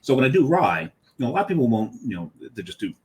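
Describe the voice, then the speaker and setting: A man's voice: medium pitch, sing-song, fast talker, darkish tone. A middle-aged man co-hosting a podcast, telling rambling stories with many ums and restarts. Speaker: podcast co-host. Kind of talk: casual storytelling.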